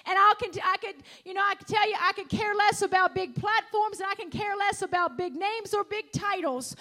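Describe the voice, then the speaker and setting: A woman preacher delivering a fervent sermon, rising into shouted declarations and dropping to hushed scripture reading. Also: very high voice, moderate pace, hardly any pauses. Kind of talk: Pentecostal-style sermon.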